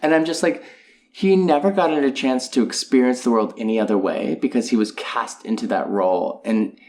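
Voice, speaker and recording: A man's voice: mid-range voice, normal speed, a little mellow. A man co-hosting a podcast in casual chat, earnest and agreeable, talking in long musing runs. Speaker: podcast co-host.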